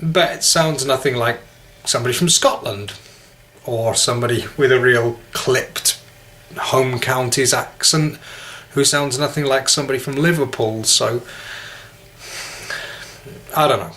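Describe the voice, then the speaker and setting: A man's voice: medium pitch, a little slow, pauses often, sharp tone, slight background noise. A man with an English Midlands accent, an English teacher talking casually to camera in a rambling, self-deprecating way.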